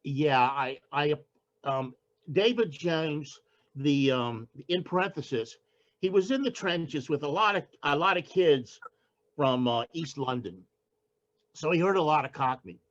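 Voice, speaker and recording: Older man talking in a halting way, lo-fi sound. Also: fairly high pitch, lively intonation. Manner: halting, with frequent restarts and fillers. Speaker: poet guest. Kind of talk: casual interview talk.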